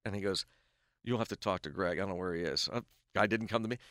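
Animated middle-aged man telling a story. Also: deep voice, quick pace, no room sound, clean studio sound. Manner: animated storyteller who acts out quoted dialogue. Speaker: guest, baseball play-by-play announcer. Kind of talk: casual podcast storytelling.

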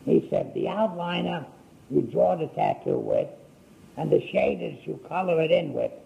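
A man's voice: fairly high pitch, wildly swooping pitch, gravelly, highs cut off. An older man telling his life story in a folksy, rambling way, acting out what people said. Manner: folksy, unhurried, acts out quoted speech.

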